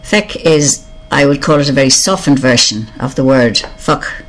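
An older speaker with an Irish accent reads out a list of words one by one, slowly musing on each meaning and often admitting they are unsure. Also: mid-range voice, fairly bright tone. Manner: slow, musing, reads each word aloud, then explains it or admits not knowing. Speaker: reader of a word list. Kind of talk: reading and explaining a word list.

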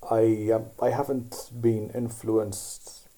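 A man from Malta with a Maltese accent, whose first language is Maltese, reading a passage aloud in a measured, steady way and then talking casually about his languages. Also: lowish voice, low-quality recording. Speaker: dialect archive participant.

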